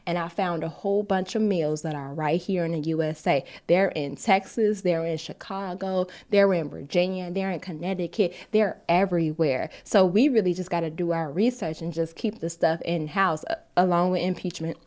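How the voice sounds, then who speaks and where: A woman's voice: on the low side, moderate pace, few pauses, a little mellow. A woman in her thirties hosting a podcast, talking candidly and at length about her own path, speaking into a phone. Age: 30s. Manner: candid, rambling, tearful at times. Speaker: podcast host. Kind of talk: emotional personal testimony on a live stream.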